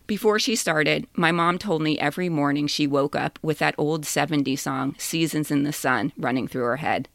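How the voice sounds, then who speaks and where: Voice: mid-range voice, moderate pace, gravelly, hardly any pauses, fairly bright tone, dry recording. A podcast co-host reading a personal essay aloud in a wry, plain-spoken way.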